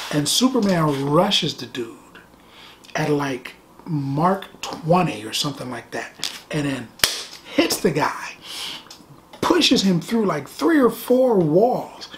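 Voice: medium pitch, big pitch swings, slow pace, a little hiss or hum. A middle-aged movie reviewer talking casually and animatedly, with sarcastic asides and phrases repeated for effect.

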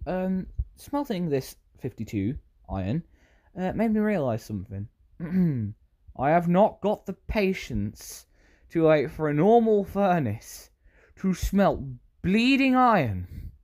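Very animated and fairly high-pitched, this British YouTuber talks at a measured pace with a warm tone. He offers rambling Minecraft commentary that keeps interrupting itself.

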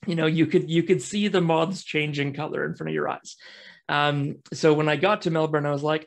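A man's voice: fairly high pitch, fairly even intonation, brisk, gravelly. A man in his thirties with an American accent, giving a casual, enthusiastic talk as a guest speaker over a video call. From United States. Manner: chatty, self-deprecating, enthusiastic. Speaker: guest speaker, podcast network founder.

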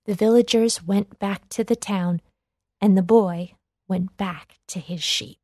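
A woman narrates a children's read-along storybook in a clear, expressive voice. She reads slowly and evenly at a middle pitch. The recording is close and dry. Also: no echo.

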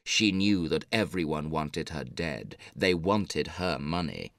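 Deep-voiced male story narrator. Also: expressive, fairly bright tone, dry recording. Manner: measured, clear reading. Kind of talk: scripted story narration for English learners.

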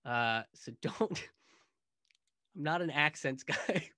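Guy doing a sarcastic comedy rant, bit high voice, dry close sound. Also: lively intonation, slow, pushed and bright, no echo. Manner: sarcastic, mocking. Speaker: comedian host. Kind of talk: comedic monologue.

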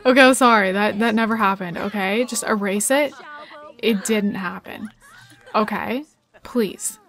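A young woman giving bubbly, excitable commentary while playing a life-sim game, giggling often and chatting to her viewers. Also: mid-range voice, measured pace, no room sound. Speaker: gaming YouTuber. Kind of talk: Let's Play commentary.

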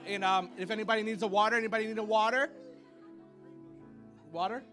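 A pastor preaches a casual, playful sermon to his congregation in a church sanctuary, chatty and full of "y'all" and "like," punctuated by high playful sound effects. His intonation is fairly even, his pace a little fast, and his tone sharp, with soft music in the background.

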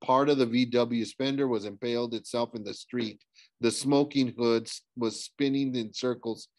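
A man's voice: medium pitch, steady tone, moderate pace, darkish tone, no room sound. A man reading a novel aloud in first person, hesitant and often restarting his sentences. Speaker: audiobook reader.

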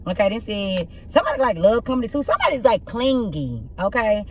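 A young woman with a rough, husky voice, doing a casual tarot reading and telling blunt, profane stories in an animated way. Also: fairly high pitch, brisk, a little hiss or hum. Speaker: tarot reader.

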